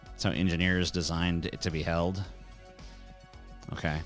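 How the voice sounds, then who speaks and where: This livestream host is a man with a low, fairly flat voice and a slightly slow delivery. He mocks his chat in a brash, foul-mouthed rant, holding a handheld mic close while faint music plays in the background.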